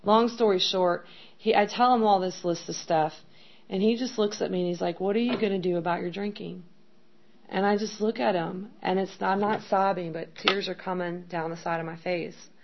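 This is a middle-aged woman offering an open testimony of her recovery, rambling and full of fillers. Her pitch is medium, her tone steady and her pace moderate, and the recording sounds dull and lo-fi with faint background noise.

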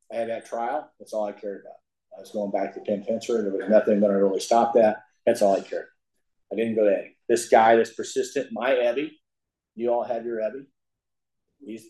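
A man's voice: medium pitch, a little mellow. A middle-aged man from the Ozark Mountains telling his recovery story to a group, joking and laughing at his own lines. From Ozark Mountains, USA. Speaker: speaker at a recovery meeting. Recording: echoey meeting room.

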